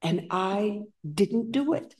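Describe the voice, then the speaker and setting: Woman meditation teacher, dharma talk at a retreat center, slow and story-led, mid-range voice. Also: medium pitch, expressive, a little mellow. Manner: unhurried storytelling, acting out quoted voices.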